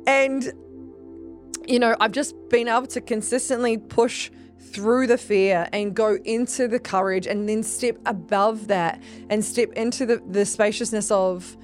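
A woman hosting a podcast as a business coach, talking in a quick, emphatic, casual way, filling her talk with "like" and swearing freely. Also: on the high side, fairly even intonation, soft background music. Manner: rapid, emphatic, heavy "like" fillers, swears freely. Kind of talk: casual motivational monologue.

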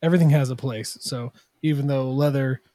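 A man's voice: mid-range voice, steady tone, a little fast, warm tone, no echo. A man, a guest on a podcast who builds machine tools, talking in a rambling, self-deprecating way full of fillers. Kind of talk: casual podcast chat.

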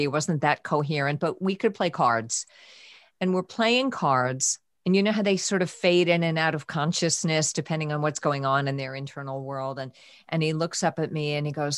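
A middle-aged woman with a low voice hosts a podcast conversation, recalling a hard stretch of her life. She speaks softly and with feeling, sometimes sinking to a whisper. The sound is close and dry. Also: dry recording. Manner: emotional, soft-spoken, drops to a whisper at times. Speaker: podcast host. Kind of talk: personal storytelling in conversation.

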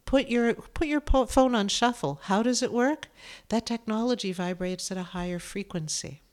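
A woman medium and author giving a gentle, soothing spiritual talk, emotional at times. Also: fairly high pitch, normal speed. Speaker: medium and author, podcast host.

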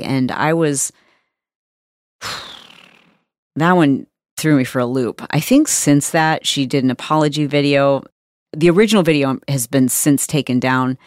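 Woman doing her podcast, low voice, frank and emphatic, dry close sound. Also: lively intonation, unhurried, a little mellow, no room sound. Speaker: podcast host. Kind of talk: candid podcast monologue.

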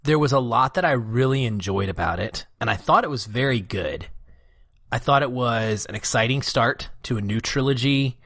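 A man's voice: mid-range voice, normal speed, fairly bright tone, no echo, clean studio sound. A man co-hosting a film podcast, talking through his reactions in a casual, reflective way. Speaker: podcast co-host.

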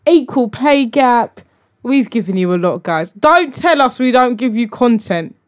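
A woman co-hosting a casual chat podcast, playful and jokey in quick banter. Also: fairly high pitch, animated. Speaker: podcast co-host.

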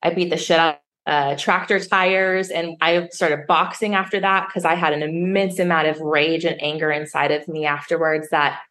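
A woman with a low voice tells a personal story in an interview, speaking frankly and now and then swearing. She acts out what others said to her, her voice jumping up when she quotes them. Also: flat delivery, normal speed, hardly any pauses, a bit bright. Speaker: sommelier guest.

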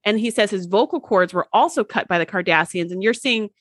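A woman co-hosting a podcast, retelling scenes of an episode with expressive storytelling and quick agreeing interjections. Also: mid-range voice, no room sound, clean studio sound. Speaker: podcast co-host. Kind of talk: casual chat recapping a TV episode.

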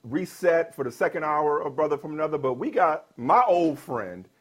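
A man's voice: a little high, very animated, husky. A man hosting a sports talk show, introducing a guest with playful, teasing energy. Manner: playful, teasing, quick interjections. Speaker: host.

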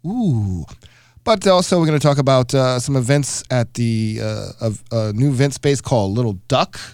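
A man's voice: mid-range voice, expressive, normal speed, darkish tone, no room sound, studio quality. A man hosting a casual radio food chat, upbeat and joking, with many fillers. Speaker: radio show host.

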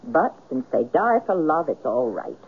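A probing, insistent woman who sounds very husky and swings widely up and down in pitch. She comes through a narrow, phone-like old radio broadcast. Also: big pitch swings, moderate pace, heavily acted. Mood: curious. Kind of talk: 1970s radio drama acting.

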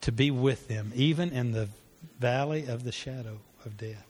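Leading a parenting class at his church, a pastor delivers sermon-style teaching with a story in an earnest, conversational manner, complete with fillers and restarts. His medium-pitched voice has a darkish tone and a breathy edge at normal speed. Long hall reverb fills the recording.

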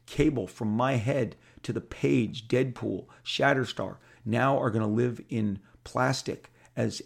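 A man's voice: mid-range voice, creaky, husky. A man in his fifties telling casual stories in a rambling way, with many repeated words and restarts. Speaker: comic artist telling stories. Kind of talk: casual storytelling monologue.

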